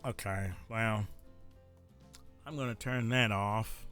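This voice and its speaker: A man with a rural American country accent, chatting casually to his viewers while streaming a game, rambling with frequent pauses. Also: on the low side, fairly even intonation, fairly bright tone, faint music behind. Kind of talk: casual gameplay stream commentary.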